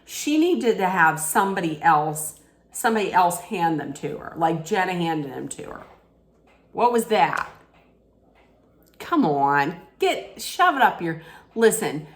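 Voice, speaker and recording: A woman's voice: lowish voice, very animated, takes it slowly. A woman hosting her own reality TV recap, ranting casually in a blunt, heated way straight to her viewers.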